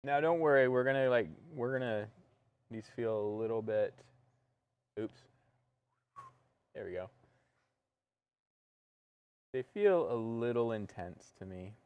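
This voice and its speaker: A man co-hosting a painting tutorial, talking through each step in a relaxed, joking way. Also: medium pitch, slow pace, pauses often, clear, resonant tone, no echo, phone-quality sound. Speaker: painting instructor and co-host.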